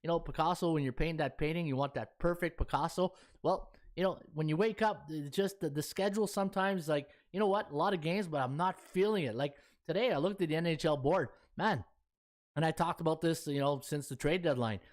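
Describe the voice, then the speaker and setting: A man's voice: on the high side, fairly quick. A man hosting a sports betting podcast, chatting in a folksy way with lots of fillers. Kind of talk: casual chat.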